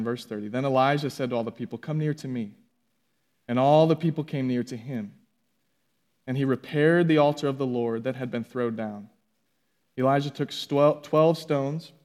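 A man preaching a sermon, reading scripture aloud with relaxed conversational asides. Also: mid-range voice. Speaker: pastor.

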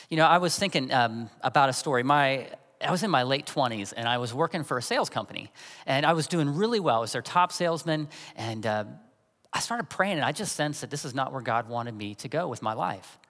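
A man's voice: medium pitch, expressive, brisk, a bit bright, in a large hall. A man in his forties preaching a sermon as a pastor, talking in a conversational, storytelling way.

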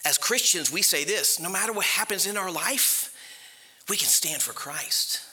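A man preaching a sermon in an animated, conversational way, asking his listeners questions. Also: sits high, normal speed, slightly rough. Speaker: pastor.

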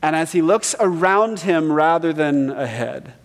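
A man's voice: on the high side, lively intonation, a little slow. Earnest male pastor in a reverberant hall. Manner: earnest, emphatic preaching, reading scripture aloud. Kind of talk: sermon.

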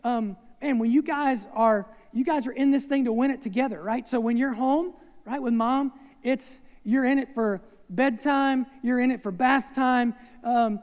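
A man's voice: very high voice, unhurried, a little mellow. A man preaching a sermon in a conversational way, with asides and rhetorical questions to the congregation. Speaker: pastor. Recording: long reverb of a large hall.

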